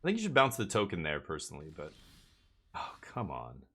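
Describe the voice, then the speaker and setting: A man streaming a card game live, chatting excitedly and joking with his chat as he plays. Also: rumbling low, brisk, slightly rough.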